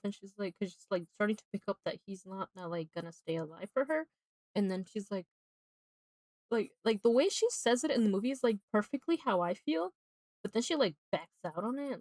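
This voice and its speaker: A woman's voice: a little high, animated, normal speed, no room sound. A woman live-streaming while she draws, recapping a movie in rambling casual chat full of "like" and bursts of laughter. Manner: rambling, constant filler "like", breaks into laughter.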